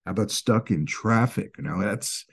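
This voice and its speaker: A man with a Northeastern US accent giving an informal lecture, explaining ideas in a lively way and acting out short everyday scenes. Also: on the low side, normal speed, gravelly, husky. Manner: animated, acts out little quoted scenes. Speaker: speaker explaining stress and anxiety.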